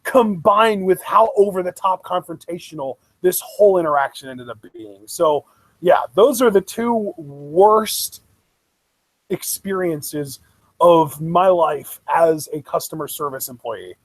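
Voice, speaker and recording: A man's voice: a little high, measured pace, no room sound, rough recording. A young man co-hosting a casual Q&A, telling a long rambling story full of "like" and restarts. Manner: rambling, peppered with "like". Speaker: co-host.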